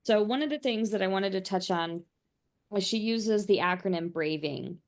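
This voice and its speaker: A woman's voice: medium pitch, lively intonation, moderate pace. A woman hosting a podcast in casual chat, thoughtful as she steers the conversation. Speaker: podcast host.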